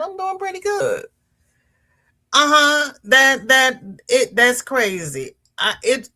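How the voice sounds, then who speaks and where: Slow-talking woman hosting a crochet livestream. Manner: greets viewers warmly by name, reads chat aloud; leisurely, chatty, with pitch jumps on greetings. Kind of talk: casual livestream chat reading comments.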